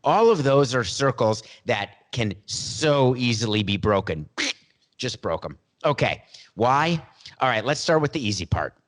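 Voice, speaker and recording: A man's voice: medium pitch, expressive, measured pace. Sarcastic man hosting a sports podcast. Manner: sarcastic, playful asides, theatrical emphasis. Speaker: podcast host. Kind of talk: sports talk monologue.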